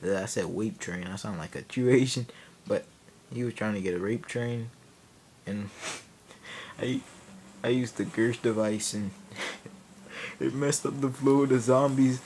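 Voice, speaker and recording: A man's voice: medium pitch, a little slow, pauses often, a little mellow, slight background noise. Laughing, rambling young man telling stories. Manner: rambling, laughing, self-interrupting. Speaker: vlogger. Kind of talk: comedic storytelling.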